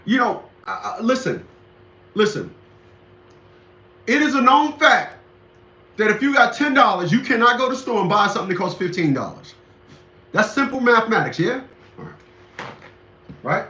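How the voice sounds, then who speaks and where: A man's voice: high-pitched, very animated, moderate pace, long pauses, bright, forceful tone. A middle-aged man hosting a commentary show, lecturing emphatically and repeating himself in a casual monologue. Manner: emphatic, repetitive, preachy. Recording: echoey lo-fi room recording.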